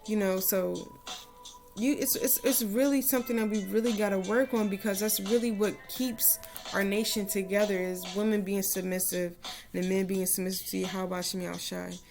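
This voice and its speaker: A woman's voice: mid-range voice, steady tone, moderate pace, gravelly, a little mellow, faint music behind. A woman giving casual devotional advice to her followers, earnest and rambling, with many "you know" asides, and reciting a prayer. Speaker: religious vlogger giving advice to women.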